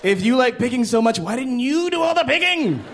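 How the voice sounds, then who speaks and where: A man in his thirties performing a stand-up comedy set on a club stage into a handheld mic, animated and jumping into character voices. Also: a little fast, vocal fry, some chatter behind, slight background noise. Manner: animated, jumps into high-pitched character voices.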